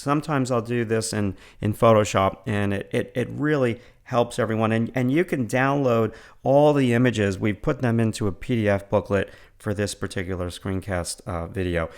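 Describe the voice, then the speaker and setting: A middle-aged man with a New York accent, an art instructor casually walking through his online lessons, enthusiastic and full of fillers and repeated words. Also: on the low side. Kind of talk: casual screencast walkthrough.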